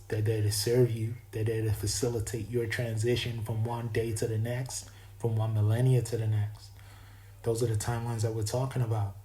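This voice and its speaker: A man gives a rambling spiritual monologue in what he himself calls an imperfect East Coast American accent, often stopping to restart his sentences. He's meandering and reflective, with a fairly low, mellow voice. The recording is rough.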